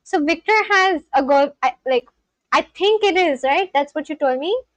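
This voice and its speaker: Woman streamer, bright high voice, dry close sound, chatty and giggly with her viewers. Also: lively intonation, normal speed, dry recording, low-quality recording. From India. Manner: chatty, giggly, reads chat messages aloud and answers them. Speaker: livestream host. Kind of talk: casual livestream chat with viewers.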